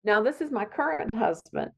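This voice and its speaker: A woman's voice: fairly high pitch, normal speed, creaky, a bit bright. Heartfelt middle-aged woman guest. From Virginia, USA. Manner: heartfelt, rambling with restarts. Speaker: guest, psychiatric nurse practitioner. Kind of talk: conversational interview.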